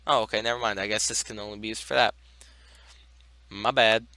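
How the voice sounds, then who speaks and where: A man's voice: on the low side, fairly even intonation, fairly quick, pushed and bright, no room sound. A tired young man in casual game commentary, rambling with lots of fillers. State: tired, yawning. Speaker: gaming video host.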